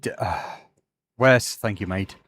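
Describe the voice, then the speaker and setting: A man's voice: lowish voice, slow, fairly bright tone, no echo. A man hosting a live woodturning stream from his workshop, talking casually and thanking viewers with effusive gratitude and frequent sighs. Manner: effusively grateful, sighing often. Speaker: woodturning livestream host. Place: home workshop.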